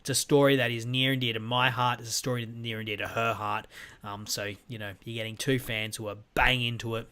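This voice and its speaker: This man has a mid-range, level voice that's smooth with a sharp edge, moving a little fast. He's hosting his own podcast from home, surrounded by weights and a guitar, and giving a casual solo sign-off that rambles along with fillers and restarts.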